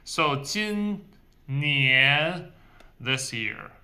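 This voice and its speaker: A man teaching tones in English, slowly and deliberately, drawing out example words. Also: on the high side, lively intonation, bright, forceful tone, smooth. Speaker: Mandarin teacher. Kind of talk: short video language lesson.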